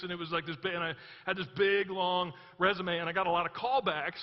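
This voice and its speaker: A man's voice: high voice, fairly even intonation, fast talker. A man preaching a sermon, telling a story casually, then reading scripture aloud with emphasis. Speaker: pastor. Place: church hall. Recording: muffled church hall recording with long reverb.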